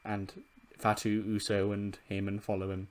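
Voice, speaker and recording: A man's voice: lowish voice, monotone, moderate pace. A man casually narrating and commenting on his game run, swearing freely and laughing along. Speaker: gaming video host.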